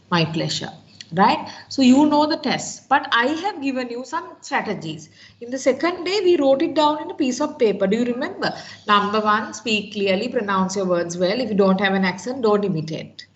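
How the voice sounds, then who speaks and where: A woman's voice: medium pitch, highs cut off, slight background noise. A woman teacher with a Sri Lankan English accent giving an online class lecture. She keeps checking in with her students by asking "right?". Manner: instructive, checks in with frequent "right?".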